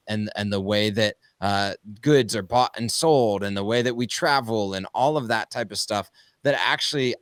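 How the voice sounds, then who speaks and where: A man from the United States co-hosting a panel talk, animated and talking in long run-on thoughts. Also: lowish voice, clear, resonant tone, dry recording, studio quality. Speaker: podcast co-host. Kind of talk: conversational panel discussion.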